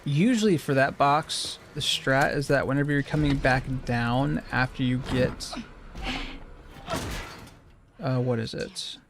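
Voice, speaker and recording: Gravelly man thinking aloud over gameplay. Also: medium pitch, normal speed, background noise. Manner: thinking aloud, repeating phrases, self-correcting. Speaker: speedrunner streamer. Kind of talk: casual gameplay commentary.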